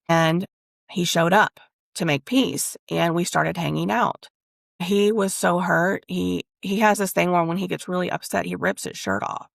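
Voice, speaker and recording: A woman's voice: lowish voice, fairly even intonation, measured pace, creaky, no echo, clean studio sound. A woman hosting a spiritual reading channel, telling a personal story in a rambling, candid way and speaking aloud to spirit as she channels messages. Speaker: spiritual reader and channel host.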